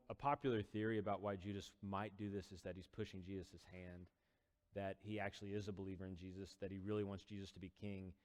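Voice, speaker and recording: A man with a lowish voice retells an old story in a relaxed, chatty way, dropping fillers as he goes. His voice rings out with a long reverb, as in a large hall. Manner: conversational, many fillers, acts out quoted lines. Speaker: teacher retelling a scripture story. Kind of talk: casual storytelling lesson.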